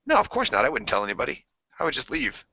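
Bright-voiced man telling wild stories. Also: mid-range voice, fast talker, vocal fry, no echo. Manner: animated, acts out screams and voices in his stories; swears freely, restarts sentences. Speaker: podcast co-host. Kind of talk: casual storytelling among friends. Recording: dry, dull lo-fi podcast audio.

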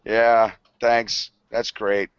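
A man with a lowish voice swaps wild hotel stories with his buddies, cussing freely and breaking into laughter as he mimics the people he's talking about. The sound is dull and dry, as if picked up by a cheap mic in a small space. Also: flat delivery, extremely slow, clear, resonant tone, dry recording. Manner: profane, laughing, acts out quoted voices. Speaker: podcast co-host. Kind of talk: casual storytelling chat.

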